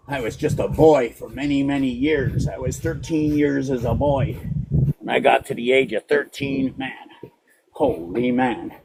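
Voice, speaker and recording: A man in his forties rambling playfully to his dog and working through letter-number sums out loud. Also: medium pitch, vocal fry, slight background noise, low-quality recording. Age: 40s. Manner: rambling, playful, talks to the dog in a sing-song way. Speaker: vlogger.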